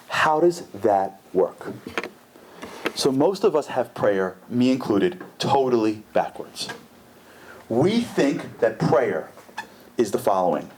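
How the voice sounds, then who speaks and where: A man giving an inspirational lecture at a community center, animated and acting out voices with big jumps in pitch.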